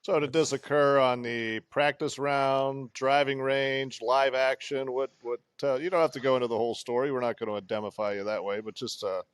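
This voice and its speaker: A man's voice: mid-range voice, fairly even intonation, moderate pace, hardly any pauses, smooth, no echo, studio quality. A man hosting a casual golf podcast, running the show and teasing his co-host with joking questions. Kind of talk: casual chat.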